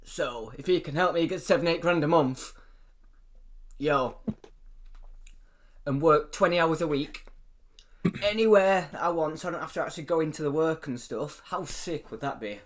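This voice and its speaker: A man's voice: fairly high pitch, normal speed, long pauses. A young British man co-hosting a podcast, chatting casually, swearing a lot and laughing often. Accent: British English. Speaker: podcast co-host. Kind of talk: casual chat.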